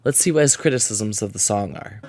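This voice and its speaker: A man's voice: lowish voice, fairly quick, music in the background. Sarcastic male video essay narrator. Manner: sarcastic, ranting, swearing.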